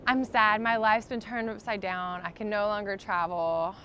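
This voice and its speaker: A woman's voice: medium pitch, fairly even intonation, normal speed, sharp tone, slight background noise. Heartfelt woman telling her story. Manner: earnest, heartfelt storytelling with many fillers. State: undergoing chemotherapy. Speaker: podcast guest. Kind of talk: casual interview storytelling.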